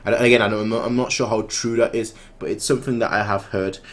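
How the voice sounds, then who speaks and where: A man's voice: on the low side, steady tone, fast. A man hosting an anime reaction video, chatting casually while closing it, rambling with many restarts and poking fun at himself. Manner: rambling, many restarts and fillers, self-mocking.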